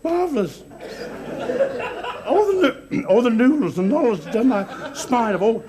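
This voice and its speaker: Nervous bumbling waiter, deadpan replies, high lively voice, studio audience laughter. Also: male voice, unhurried, a crowd in the background, full character voice. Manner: jittery, deadpan comic replies. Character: bumbling nervous new male restaurant waiter.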